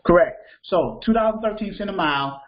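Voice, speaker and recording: A man's voice: sits high, lively intonation, quick pace, lo-fi sound. Man teaching a freight broker class. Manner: conversational, repeats phrases, checks understanding with questions. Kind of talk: live training class.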